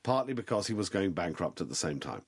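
A man being interviewed, speaking in a dry, wry and measured way about his late father. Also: sits low, sing-song, breathy edge, no echo. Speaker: interview guest. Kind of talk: reflective interview talk.

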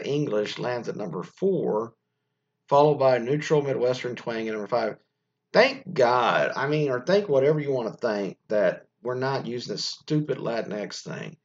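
Husky-voiced man riffing on the news. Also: medium pitch. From United States. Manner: rambling, frequent restarts and fillers, reads news aloud then riffs. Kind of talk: casual opinionated commentary. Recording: dull lo-fi sound.

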